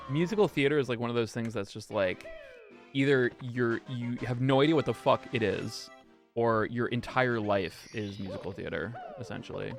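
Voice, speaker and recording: A man's voice: mid-range voice, gravelly. A young man chatting casually on a live stream, rambling and swearing with lots of fillers. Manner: rambling, profane, frequent fillers and laughs. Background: music playing underneath.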